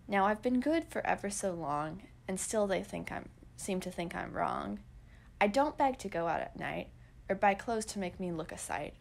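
A teenage girl narrating old diary entries and poems in an earnest, expressive way. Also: mid-range voice, creaky, slight background noise. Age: teens.

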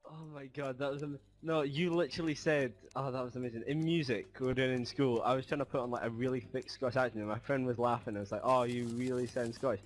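A man chatting casually with a friend, laughing and telling a story in an excited, giggly way. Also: mid-range voice, fast, few pauses. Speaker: friend on the call. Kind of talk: casual chat.

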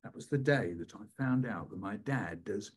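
An older man, a poet, telling stories and performing a poem with dramatic pauses. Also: on the low side, expressive, husky. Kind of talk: storytelling on a live online session.

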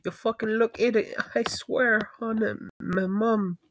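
Slow-talking, swearing young woman reacting. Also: on the high side, steady tone, no echo, clean studio sound. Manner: swears constantly, laughs and exclaims in surprise. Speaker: reaction video creator. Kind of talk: casual reaction commentary.

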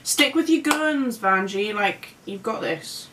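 An enthusiastic woman chats and gushes as she reacts to a show with a friend, her pitch swinging widely. She sits a little back from the mic, so her voice comes through slightly distant. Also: animated, slow pace, fairly bright tone, a little hiss or hum. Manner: enthusiastic, gushing. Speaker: guest. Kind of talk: casual reaction chat.

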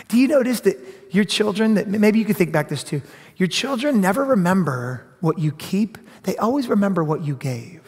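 In a big church sanctuary, a middle-aged pastor with a high-pitched, slightly rough voice preaches a sermon a little fast. He's animated and slips into other people's voices, while the hall's long reverb trails after his words.

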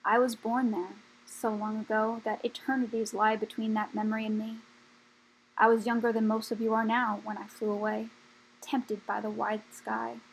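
A solemn old dragon elder, as a woman reads him, grave and unhurried, with a gravelly, husky edge to a fairly high voice. He speaks like a tired leader who has seen too much. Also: flat delivery, poor audio.

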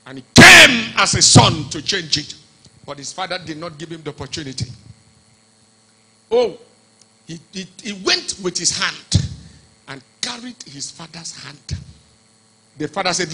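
Pastor preaching, husky and high-pitched. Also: male voice, very animated, unhurried, long pauses, low-quality recording. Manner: swings from hushed storytelling to shouted preaching. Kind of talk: sermon.

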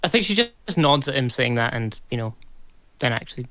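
A man's voice: mid-range voice, sing-song, brisk, pushed and bright. A man playing a tabletop game, talking hesitantly with many fillers. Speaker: player.

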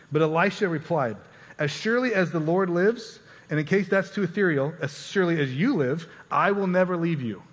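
A man preaching a sermon as pastor, earnest and conversational, often repeating words as he goes. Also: on the high side. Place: church sanctuary. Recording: church hall reverb.

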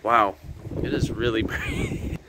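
A male nature vlogger speaks slowly with huge pitch swings, casually explaining what he sees on a riverside walk through a windy garden. His talk is loose with fillers, and the handheld camera mic catches wind rumble and noise.

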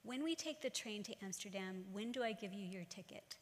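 A woman reading the lines of a gentle, wise watchmaker father, softly and reassuringly, in a church talk. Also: medium pitch, lively intonation, fairly quick, long reverb tail, close to an everyday voice. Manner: soft, reassuring.

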